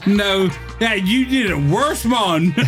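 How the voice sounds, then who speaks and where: A man co-hosting a podcast, joking with slow, halting remarks. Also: high-pitched. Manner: slow, joking, stumbling interjections. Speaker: podcast co-host. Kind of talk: casual podcast banter. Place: podcast studio with loud music. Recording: loud music under the voice.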